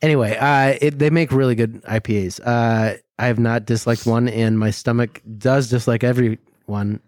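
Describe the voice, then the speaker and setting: A man's voice: mid-range voice, fairly even intonation, moderate pace, darkish tone, dry recording, clean studio sound. Laughing, joking man co-hosting a podcast. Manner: joking, laughs often, rambling restarts. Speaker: podcast co-host. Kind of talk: casual chat.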